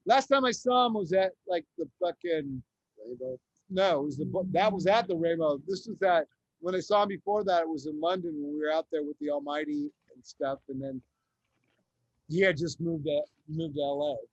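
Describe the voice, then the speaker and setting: Man, musician guest, casual swearing anecdotes, somewhat high pitch, lo-fi dry audio. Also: normal speed, no room sound. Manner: loose, profane storytelling. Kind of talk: casual chat.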